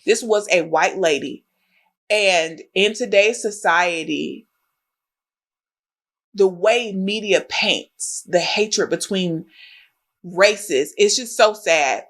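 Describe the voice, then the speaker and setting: Pregnant woman telling an animated story. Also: mid-range voice, slow, long pauses. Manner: animated storyteller acting out quoted voices. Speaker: podcast co-host. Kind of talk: casual chat, storytelling.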